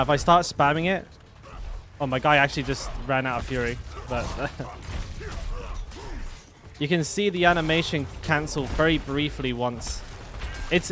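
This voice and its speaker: A young man gives casual live-stream commentary while playing a game, rambling, restarting sentences and swearing easily. His medium-pitched voice is a bit bright, with slight background noise and a faint game soundtrack behind him.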